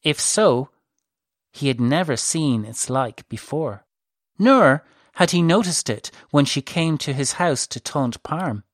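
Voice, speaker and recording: A narrator reading a novel aloud in a measured, even way. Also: medium pitch, no room sound, clean studio sound. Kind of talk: scripted audiobook narration.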